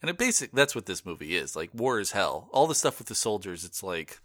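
A man hosting a casual film discussion podcast, animated and quick to laugh, often restarting his sentences. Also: lowish voice, dry recording, clean studio sound. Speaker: podcast host.

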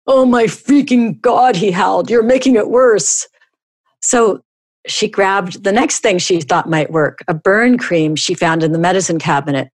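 Reading a comic tale on her podcast, this middle-aged host tells it with animation, leaping abruptly upward in pitch whenever characters speak. There is no room sound.

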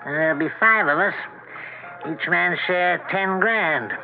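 A man's voice: sits high, measured pace, gravelly. An actor playing a persuasive, wheedling frontier swindler who talks like a salesman, in 1940s radio acting. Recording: tinny old radio broadcast with music.

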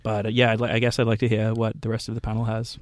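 A man's voice: on the low side, monotone, racing, no echo. A man on a radio panel discussion who makes his points bluntly and argumentatively.

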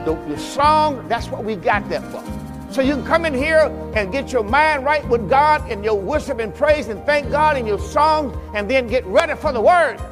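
In an echoey church hall with music playing, a high-voiced male pastor preaches a sermon. He shouts for emphasis and urges the congregation to answer back.

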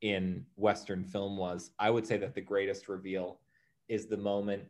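A man co-hosting a film discussion podcast, talking in a measured, deliberate way as he builds his points. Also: sits low, little pitch movement. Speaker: podcast co-host.

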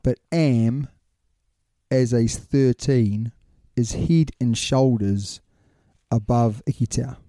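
A man's voice: medium pitch, takes it slowly, dark tone, dry recording, studio quality. A man co-hosting a sports podcast in casual chat, teasing and laughing often. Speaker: podcast co-host.

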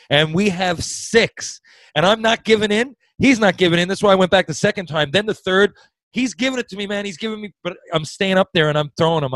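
A man telling a long story in casual chat, swearing often and getting loud when worked up. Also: on the high side, no echo, poor audio. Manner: profane, animated, swings loud when worked up.

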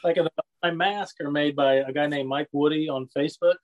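A man's voice: a little high, fairly even intonation, brisk, lo-fi sound. A man chatting casually, rambling through wrestling memories and laughing often. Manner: rambling storyteller, laughs often, says "you know what I mean". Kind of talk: casual chat.

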